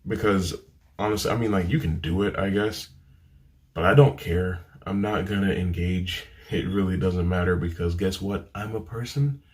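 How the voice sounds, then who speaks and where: A man's voice: low-pitched, normal speed. A man reviewing a film in casual chat to a camera, rambling and dismissive, with many fillers and restarts. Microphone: camera mic.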